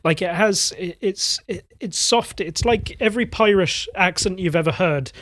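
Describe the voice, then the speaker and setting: Male guest, from Cornwall, soft Cornish accent with some East Clare, earnest and halting, raised pitch, very dry recording. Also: no room sound. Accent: Cornish softened by East Clare. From Cornwall, England. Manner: earnest, candid, with swearing and frequent fillers; halting, restarts often. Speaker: blacksmith guest. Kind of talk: casual podcast interview.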